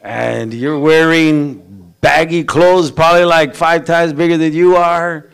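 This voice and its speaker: A man's voice: fairly high pitch, steady tone, takes it slowly, creaky, clean tone. A male pastor preaching a sermon in a blunt, folksy way, full of slang and asides. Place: church.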